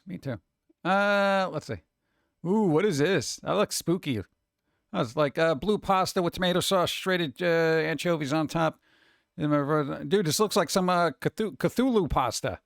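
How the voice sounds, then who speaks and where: A man hosting casual reaction commentary, excitable and exclamatory, rambling between remarks. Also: a little high, vocal fry, dry recording, studio quality. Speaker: host.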